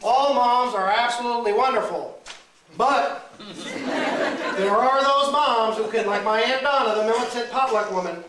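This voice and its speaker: A male comedian doing crowd work, teasing audience members with animated banter at a live show. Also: very high-pitched, normal speed, noisy background. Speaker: stand-up comedian. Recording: echoey room, mic far, loud crowd.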